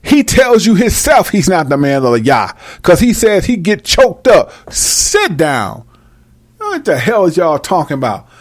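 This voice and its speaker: Brash, lively cursing man preaching. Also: measured pace. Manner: brash, mocking and full of cursing; swings between loud outbursts and low mutters. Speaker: self-styled preacher. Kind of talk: profane, freewheeling Bible commentary.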